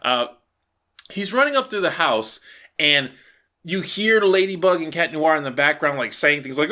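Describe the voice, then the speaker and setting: Lively, bright-voiced man recapping a cartoon. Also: fairly high pitch, normal speed. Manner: rambling, self-correcting, laughs often. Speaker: show reviewer. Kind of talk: casual episode recap.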